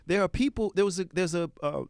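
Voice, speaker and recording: A man's voice: high voice, quick pace, gravelly, a little mellow, smooth, no room sound, studio quality. A man co-hosting a podcast, arguing in a heated, profane, rhetorical way. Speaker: podcast co-host. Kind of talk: heated casual discussion.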